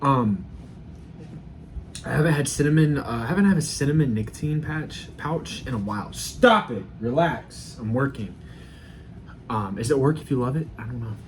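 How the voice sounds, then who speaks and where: A man's voice: mid-range voice, normal speed, long pauses, a little hiss or hum, low-quality recording. Rambling young man vlogging casually. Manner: rambling, self-deprecating, swears casually. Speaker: channel host. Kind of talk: casual solo vlog commentary.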